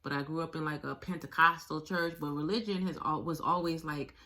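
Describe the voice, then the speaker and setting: A woman telling her own story to her viewers, speaking frankly with swearing, halting often and repeating her phrases. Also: sits low, steady tone, bright, forceful tone. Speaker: video blogger sharing a survivor story. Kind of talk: candid personal storytelling.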